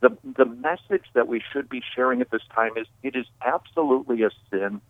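A man's voice: mid-range voice, a little fast, no room sound. A man calling in as a guest, talking in an emphatic, preaching way that builds to bold declarations. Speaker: call-in guest. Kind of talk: phone-in discussion, preaching. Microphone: phone. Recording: tinny phone line.

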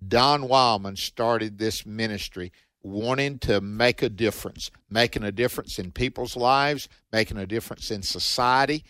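A man with a Southern accent, a preacher co-hosting a radio ministry show, talking in a steady, sermon-like way. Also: on the low side, normal speed, no echo.

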